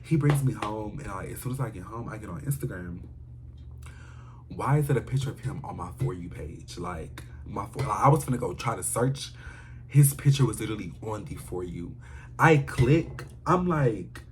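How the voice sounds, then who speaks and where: A man with a fairly low voice spins a personal story for his vlog, dramatic and animated. He keeps throwing slangy asides straight to his viewers. A faint hiss sits under his voice. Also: normal speed. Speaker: vlogger telling a personal story.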